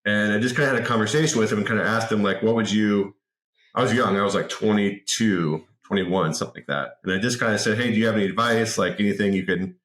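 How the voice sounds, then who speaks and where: A man in his forties telling an anecdote as a podcast guest in a lively, casual way, often repeating words. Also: lowish voice, fast talker. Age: 40s. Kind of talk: casual interview storytelling. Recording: roomy echo.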